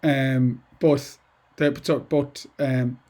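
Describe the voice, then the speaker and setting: Speaking extremely slowly in a mid-range, darkish voice with little pitch movement, a middle-aged man teaches poetry to students. The informal lesson wanders, with many asides and restarts.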